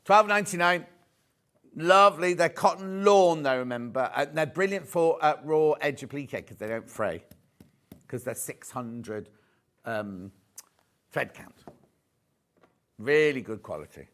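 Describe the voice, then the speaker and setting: A man's voice: a little high, measured pace, long pauses, a bit bright. A man presenting a live shopping channel show from a studio, chatty and jokey, selling fabrics and reading out viewer messages. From United Kingdom.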